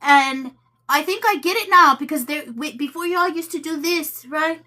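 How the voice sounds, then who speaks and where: A woman host chatting casually to her viewers, telling a story with animated quotes and laughter. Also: high voice, moderate pace. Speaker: tarot channel host.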